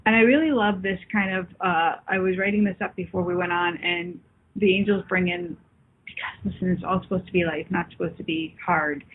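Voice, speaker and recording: A woman hosting a spiritual call-in show, chatting warmly with callers and viewers and calling them love. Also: fairly low pitch, steady tone, a little fast, slightly rough. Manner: warm, affectionate, calls people love. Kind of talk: live call-in talk with viewers. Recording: phone-like lo-fi line.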